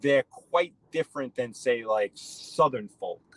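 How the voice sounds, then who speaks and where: Driving along, a male live-stream host from New York chats in an animated, fairly bright, mid-range voice at a measured pace. He rambles and calls out viewers by name; the audio is dry and rough.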